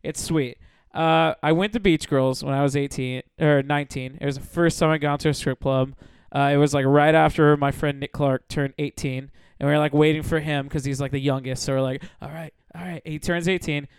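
A man's voice: a little high, fairly even intonation, a little fast, smooth, dry recording. A young man hosting a casual comedy podcast, swearing a lot and acting out voices as he tells a story. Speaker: podcast host. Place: small studio.

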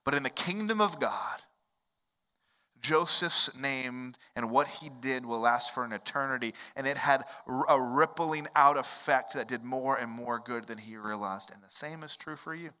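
Pastor preaching, bright voice, hall echo. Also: male voice, mid-range voice, moderate pace. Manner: earnest, conversational preaching with storytelling asides. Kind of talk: sermon.

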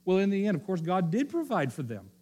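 Animated male preacher, fairly high voice. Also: fast talker, slightly rough. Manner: animated storytelling with repeated phrases and restarts. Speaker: pastor. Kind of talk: sermon.

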